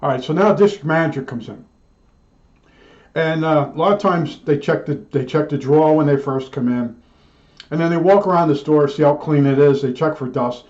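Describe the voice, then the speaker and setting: An older man spins a work story in a fairly high voice, doubling back and restarting as he goes. The recording sounds dull and slightly lo-fi. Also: moderate pace, a little mellow. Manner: chatty, digressive, many restarts and asides. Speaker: storyteller recalling old work days. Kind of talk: rambling personal anecdote.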